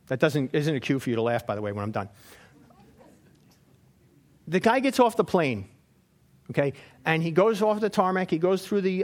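A man giving a sermon in a lively, storytelling way, asking the same questions again and again. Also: high voice. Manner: animated storytelling with repeated questions. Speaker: lay preacher.

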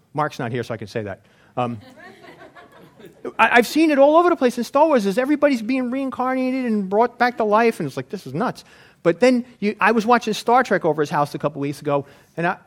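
A man preaching in a loose, anecdotal way, full of fillers and side remarks. His voice sits high and moves a great deal. He teaches as if telling stories to friends. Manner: rambling, anecdotal, with frequent fillers. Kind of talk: informal Bible teaching.

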